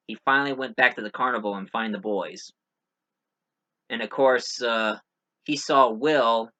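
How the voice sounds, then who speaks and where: A man's voice: mid-range voice, sharp tone, lo-fi sound. A man giving a casual spoken movie review, rambling with many fillers and restarts.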